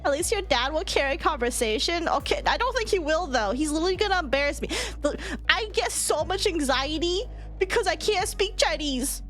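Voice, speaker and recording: A woman's voice: high-pitched, animated, a little fast, a bit bright, faint music behind. A young woman streaming a game in casual chat, laughing constantly and swearing freely. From United States.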